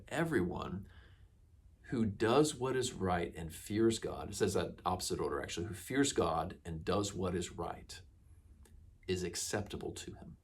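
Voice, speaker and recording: Husky-voiced man preaching earnestly. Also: fairly low pitch. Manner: earnest, emphatic preaching with slow stressed phrases. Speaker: pastor. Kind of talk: sermon.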